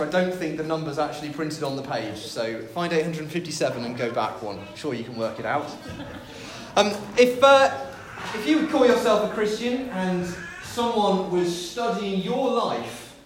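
A man's voice: high voice, echoey room. A man preaching a sermon, telling a story with light humor.

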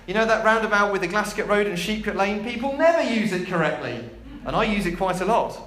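A man's voice: high-pitched, animated, a little fast, fairly bright tone, roomy sound. A man preaching a chatty, jokey sermon.

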